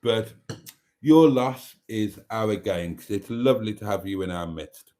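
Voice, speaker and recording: A man's voice: fairly low pitch, unhurried, dark tone. Chatty, teasing man hosting a live stream. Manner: chatty, camp and teasing, laughs often. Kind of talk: casual live chat, reading out viewer comments.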